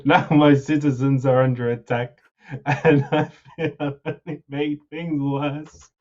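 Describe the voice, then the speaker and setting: A man reading the lines of a troubled male ruler in a game, earnest and measured. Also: on the high side, level tone, darkish tone, highs cut off, lightly acted. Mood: worried. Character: troubled male ruler worried for his citizens.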